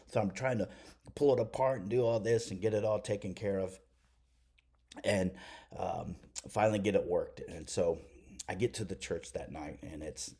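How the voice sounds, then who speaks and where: A man's voice: sits low, dark tone, husky. A middle-aged man, a preacher, rambling through a self-deprecating story to the camera with lots of restarts.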